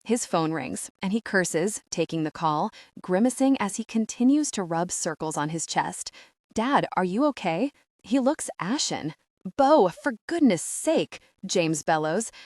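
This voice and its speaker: A woman narrates a first-person audiobook with a lowish voice. Her reading is tense and urgent and climbs at the shouted lines. The sound is dry and close. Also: lively intonation, measured pace, few pauses, no room sound.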